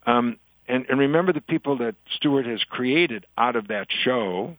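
A man's voice: medium pitch, moderate pace, no echo, rough recording. Older man telling jokes in a dry studio. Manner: chatty storyteller, animated in punchlines. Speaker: author and guest. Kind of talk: interview conversation, telling jokes.

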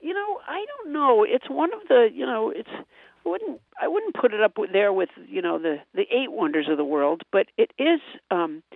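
A woman's voice: on the high side, animated, moderate pace, gravelly, no room sound. A middle-aged woman comedian telling rambling, self-deprecating stories in a radio interview. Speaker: comedian and quiz show panelist. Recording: tinny phone line.

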